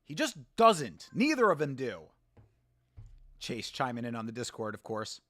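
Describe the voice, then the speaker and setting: A man hosting a casual live watch-along, talking in an animated, profane and sarcastic way and laughing often. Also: medium pitch, moderate pace, no echo. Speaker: show host.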